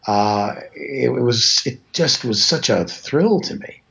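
A man's voice: medium pitch, expressive, slow pace, vocal fry, a bit bright. A Canadian man in his sixties tells stories as an interview guest. He rambles and pokes fun at himself in an everyday mid-range voice. The audio sounds a little dull. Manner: rambling, self-deprecating storyteller. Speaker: voice actor guest. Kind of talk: casual interview chat.

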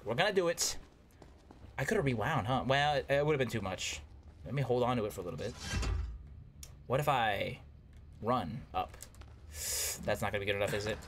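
A man giving casual gameplay commentary, excitable and talking to himself, yelping at close calls. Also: mid-range voice, normal speed, long pauses, slight background noise. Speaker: gaming YouTuber.

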